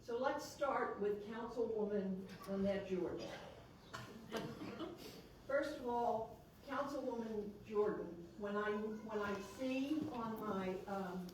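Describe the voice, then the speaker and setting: A woman's voice: a little high, slow pace. A woman who is a local elected official, giving a chatty, joking, personal speech at a council meeting, with a noticeable accent. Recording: echoey chamber, distant mic, background noise.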